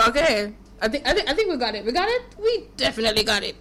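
A woman's voice: high-pitched, sing-song, fast talker, hardly any pauses, over music. A woman hosting a children's radio show, chatting playfully with kids on air and laughing at her own slips.

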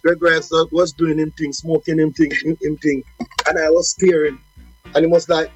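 Jamaican man, high voice, animated storyteller, soft music behind. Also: normal speed, breathy edge, dull audio. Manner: animated, acts out quoted voices. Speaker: guest, reggae deejay. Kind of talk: storytelling interview.

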